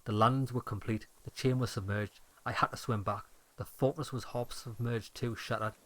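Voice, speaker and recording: A man's voice: medium pitch, fairly even intonation, normal speed, natural voice. Brief: frail bitter old soldier-deserter, grim and clipped, read by a man in a mid-range voice. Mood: haunted.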